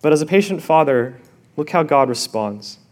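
A male pastor preaching a sermon, expressive, dropping to a hush and rising again, asking the listeners questions directly. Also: on the high side, moderate pace. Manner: expressive, swings from loud to hushed.

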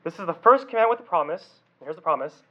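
High-voiced youth pastor, chatty sermon. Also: male voice, lively intonation, racing, highs cut off. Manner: conversational, asks the audience questions.

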